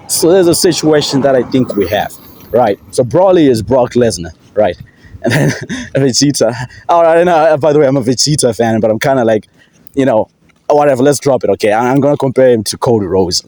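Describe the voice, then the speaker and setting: A man's voice: medium pitch, animated, brisk, a little mellow, no echo. A young man from Africa ranting casually about wrestling, rambling, swearing and laughing often. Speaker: wrestling commentator vlogger. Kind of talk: casual solo rant.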